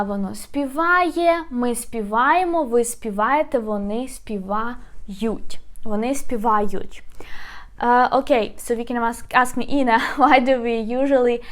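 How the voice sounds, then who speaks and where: A woman whose first language is Ukrainian, teaching a lesson in English and slowly repeating each example word. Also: fairly high pitch. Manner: slow, patient, repeats example words.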